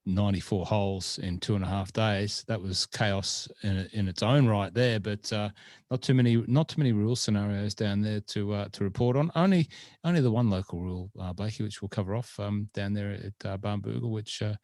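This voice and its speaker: Male podcast host, lowish voice, dry close sound, rambling friendly chat. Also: darkish tone, no echo. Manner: chatty, rambling, lots of fillers. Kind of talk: casual chat.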